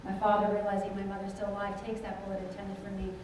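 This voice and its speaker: A middle-aged woman telling a personal story to a conference audience, animated and often asking the listeners questions. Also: mid-range voice, quick pace, recorded from a distance, slight background noise. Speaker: conference speaker. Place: large conference hall. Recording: echoey hall, voice picked up from afar.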